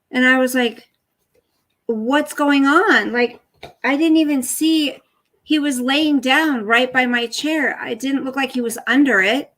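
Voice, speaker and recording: An older woman chatting casually with her live stream viewers, rambling between stories and stopping to coo softly at her dog. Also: high voice, a little slow, rough recording. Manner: chatty, rambling, talks to her dog in soft baby talk.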